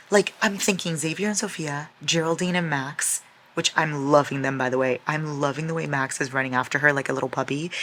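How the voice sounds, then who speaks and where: Gushing young woman with a low voice. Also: a bit bright, slight background noise. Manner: gushing and exasperated, swears freely. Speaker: reading vlogger. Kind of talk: casual chat.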